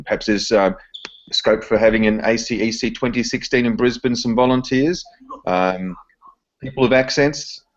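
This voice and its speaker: A co-host, joking dryly and hesitantly on a web call. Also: medium pitch. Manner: dry joking, hesitant with fillers. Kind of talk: casual chat on a video call. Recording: dull lo-fi web call audio.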